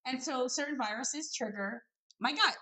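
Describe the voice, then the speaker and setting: Brief: woman podcast co-host, lively storyteller, a bit high-pitched. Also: normal speed. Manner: animated storyteller, quotes herself and others. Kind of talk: casual storytelling chat.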